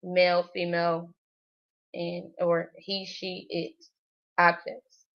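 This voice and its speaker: Woman studying on a livestream, slow unhurried talk, hesitant and thinking aloud, dull lo-fi audio. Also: lowish voice, monotone. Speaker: language learner.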